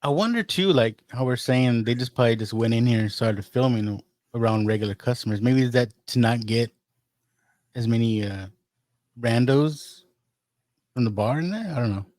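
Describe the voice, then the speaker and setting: A man's voice: mid-range voice, moderate pace, a little mellow, no echo. A man co-hosting a casual movie podcast, retelling scenes by acting out the characters' lines, with plenty of swearing. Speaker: podcast co-host.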